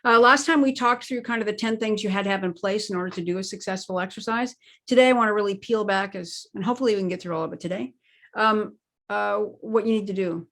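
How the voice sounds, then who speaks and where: A woman's voice: mid-range voice, quick pace, a bit bright. A woman speaking as an expert interview guest, explaining her points in an emphatic conversational way and leaning on key words. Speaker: guest expert on crisis planning.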